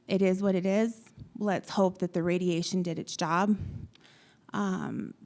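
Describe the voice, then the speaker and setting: Halting woman telling her patient story. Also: medium pitch, darkish tone. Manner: halting, many ums, retells dialogue. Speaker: melanoma patient on a panel. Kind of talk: personal story told to an audience.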